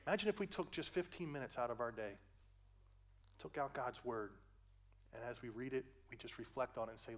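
An older man preaching a sermon as pastor, moving between hushed gentle passages and loud rising climaxes, with folksy asides. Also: mid-range voice, fairly quick, pauses often.

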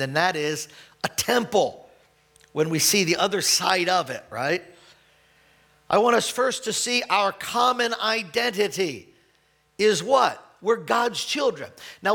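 A high-pitched man delivers a sermon in a loose, conversational way. He stumbles over restarts and clears his throat now and then, and his voice climbs when he reads scripture aloud. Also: fairly bright tone. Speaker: pastor.

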